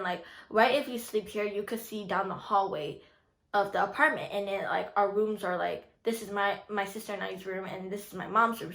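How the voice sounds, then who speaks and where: A woman in her twenties telling a story to camera in a casual vlog, full of "like" and "you know," and animated when she acts out what her family said. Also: medium pitch. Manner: animated, voices the quoted family with rising excitement. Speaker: YouTuber.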